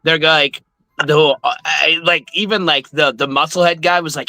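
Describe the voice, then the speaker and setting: A man co-hosting a horror movie review show in casual chat, excitable, laughing often and swearing freely. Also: a little high, normal speed, creaky, dry recording.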